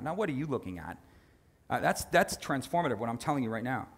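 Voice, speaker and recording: Preaching with energy and a chatty tone, this man's medium-pitched voice carries a slight roughness. His sermon jumps between quick asides and sudden swings in loudness.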